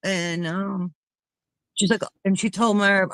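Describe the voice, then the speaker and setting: A woman's voice: medium pitch, steady tone, slow pace, a bit bright, dry recording, poor audio. A woman hosting a casual chat with friends, talking in an indignant, emphatic way.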